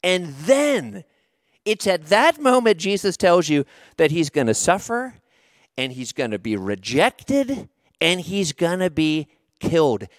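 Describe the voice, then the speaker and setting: A middle-aged man preaching a sermon, telling a story in a conversational, expressive way and slowing down for emphasis. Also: a little high, no room sound, clean studio sound. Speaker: pastor.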